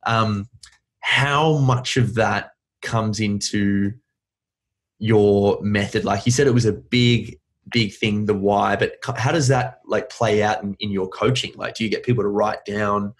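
A man's voice: lowish voice, steady tone, a little slow. Enthusiastic man hosting a podcast. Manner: enthusiastic, friendly questioning. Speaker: podcast host. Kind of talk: casual interview chat.

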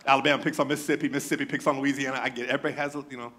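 A male pastor preaching a sermon, animated and joking, often mimicking his congregation in a raised voice. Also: medium pitch, rapid-fire, slight background noise.

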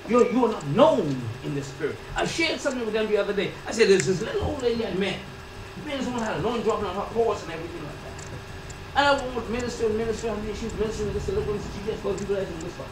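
A woman's voice: mid-range voice, lively intonation, racing. Woman preacher, emphatic, repetitive call-and-response, distant room mic in a reverberant hall. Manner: call-and-response with the congregation, swinging from loud to hushed. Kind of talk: sermon. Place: church or ministry hall. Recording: echoey hall, distant mic, background noise.

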